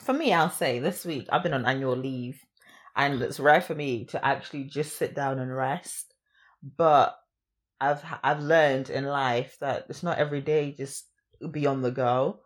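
Casual podcast co-host: a woman with a low voice, chatty and quick to laugh. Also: fairly even intonation. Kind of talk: casual chat.

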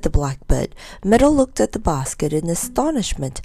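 A woman reads a children's storybook aloud in a gentle, measured way. Her voice sits fairly low, with a gravelly rasp at the edges of her phrases. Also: sing-song. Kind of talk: storybook reading.

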